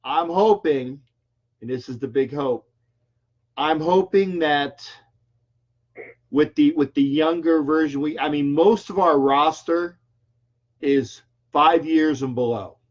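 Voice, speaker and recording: Older male call-in host, chatty and rambling, fairly high voice, dull lo-fi sound. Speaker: radio call-in show host. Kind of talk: casual call-in sports talk. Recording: dull lo-fi stream audio.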